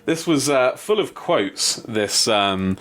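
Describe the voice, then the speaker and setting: A man co-hosting a podcast, chatting casually about wrestling, often laughing with sudden jumps in pitch. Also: animated, slow pace, fairly bright tone. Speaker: podcast co-host. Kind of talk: casual wrestling review chat.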